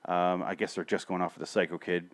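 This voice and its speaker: Low-voiced man recapping with profane sarcasm. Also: level tone, fast. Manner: rambling, sarcastic, swears often, frequent restarts. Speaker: show host reviewing TV episodes. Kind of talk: casual profane rambling recap.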